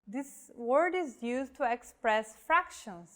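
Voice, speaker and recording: A woman narrates a beginner language lesson, her voice a touch high and her delivery very slow. She pauses to sound out each example word with care, like a patient teacher. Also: lively intonation. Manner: slow, careful, demonstrates Portuguese words.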